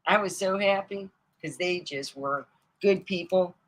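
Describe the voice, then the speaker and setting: A woman's voice: fairly low pitch, unhurried, rough recording. A middle-aged woman telling rambling, profane comic stories from her own life and laughing at them as she goes. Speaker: comedian. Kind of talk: casual storytelling monologue.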